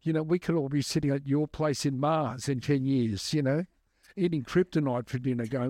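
A man's voice: medium pitch, moderate pace, darkish tone, no room sound, studio quality. A man, a guest musician, answering questions in a chatty, rambling way full of restarts. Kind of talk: casual storytelling answers.

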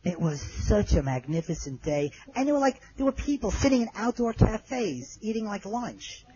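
A middle-aged man telling a personal story in an earnest way. His voice goes low and soft at the moving parts. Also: big pitch swings, normal speed, lo-fi sound, slight background noise.

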